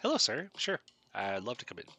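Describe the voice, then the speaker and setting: Man reading a polite young woman, bright-toned, hesitant and earnest, storybook reading. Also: fairly low pitch, huge pitch swings, brisk, faint music behind, heavily acted. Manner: polite, says ma'am and sir, hesitant restarts.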